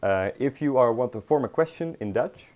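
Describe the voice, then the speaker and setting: A man's voice: mid-range voice, expressive, moderate pace, darkish tone. A young man teaching a beginner language lesson online, hesitant with many ums and restarts, with dry humor. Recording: dull lo-fi recording.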